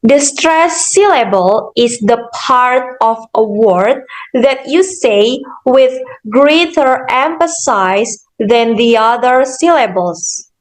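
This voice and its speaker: A young woman student giving a slow, careful class presentation, explaining step by step with frequent "okay" and "so". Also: fairly high pitch, lively intonation, rough recording. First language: Indonesian. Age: young adult. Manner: deliberate, measured, with "okay" and "so".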